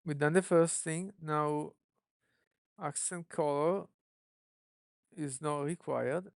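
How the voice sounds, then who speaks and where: Developer streaming live code, thinks aloud, heavy vocal fry, dry close sound. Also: medium pitch, fairly even intonation, no room sound. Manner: musing, self-questioning, unhurried.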